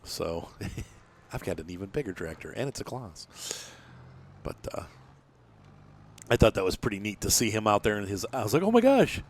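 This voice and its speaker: A man with a fairly low voice talks through his farming game session, thinking aloud as he goes. He rambles, restarts his sentences and fills pauses with ums and uhs. He sounds tired, as if fighting off yawns. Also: slight background noise. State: tired, yawning. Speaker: gameplay commentator. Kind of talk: casual let's-play commentary.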